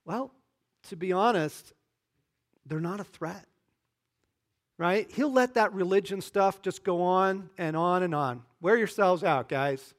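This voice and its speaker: A male pastor preaching a conversational sermon, often checking in with "right?" and "okay?" and rising into animated bursts. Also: high-pitched, slow pace, pauses often.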